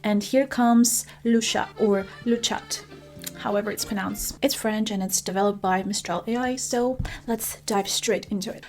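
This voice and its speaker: A woman vlogger reviewing tech products in a casual, chatty way, self-deprecating and quick to laugh. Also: medium pitch, fairly even intonation, darkish tone, faint music behind.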